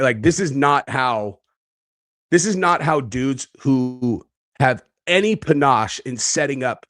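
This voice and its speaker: A man's voice: mid-range voice, lively intonation, unhurried, fairly bright tone, no room sound. Brash male online commentator, crude and cocky, dry close sound. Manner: brash, profane, boastful; talks in bursts with frequent fillers. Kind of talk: casual reaction commentary.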